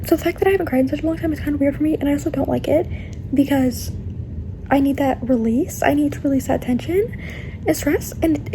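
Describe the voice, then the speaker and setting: A woman's voice: sits high, fast talker, background noise. A young adult woman chatting casually in a reading vlog, rambling and earnest, often breaking into laughter as she talks about books. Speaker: book vlogger.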